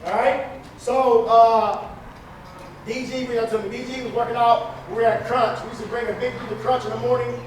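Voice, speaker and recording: A man casually introducing a guest speaker, loose and halting in his talk. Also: very high-pitched, level tone. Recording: echoey room, far from mic, noisy.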